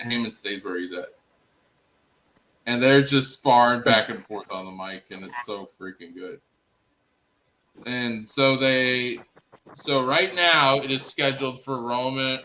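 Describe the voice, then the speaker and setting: An excitable man hosts a casual stream, talking straight to his viewers. His voice is very bright and sharp at a middling pitch, with a faint hiss underneath. He gushes and rambles, dropping "freaking" into almost every line. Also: low-quality recording. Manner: enthusiastic, fills speech with "freaking". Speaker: host of a wrestling recap stream. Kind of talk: casual chat. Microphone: streaming setup, talking to chat.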